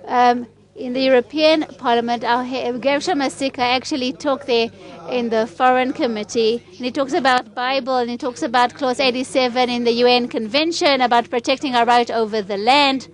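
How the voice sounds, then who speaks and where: High-voiced woman giving a conference speech. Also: fairly even intonation, moderate pace. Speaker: conference speaker. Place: conference hall.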